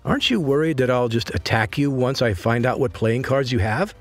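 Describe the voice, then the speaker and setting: A man's voice: mid-range voice, expressive, brisk, soft background music, natural voice. A man doing a polite, guarded young warrior. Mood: measured. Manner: polite, turning cold and guarded. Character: polite but shrewd young male warrior.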